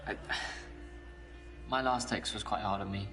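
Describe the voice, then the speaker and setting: Speaking slowly in a low-leaning, fairly even voice, an actor voices a timid, gentle schoolteacher on a blind date in a dating game. He's soft-spoken and hesitant, stammering a little, over distant game audio with faint music.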